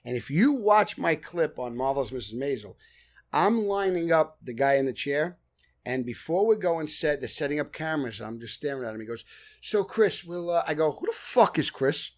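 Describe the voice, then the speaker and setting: A man's voice: fairly high pitch, animated, a little fast. A man with a Brooklyn accent, a guest actor telling blunt, profane stories and acting out the scenes. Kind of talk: animated storytelling.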